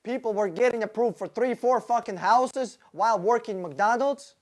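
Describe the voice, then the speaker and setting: A man with a very high-pitched voice and a moderate pace hosts a casual car Q&A stream. Reading viewers' names and questions, he replies to each by name, bluntly and profanely, with jokes, frequent fillers and restarts.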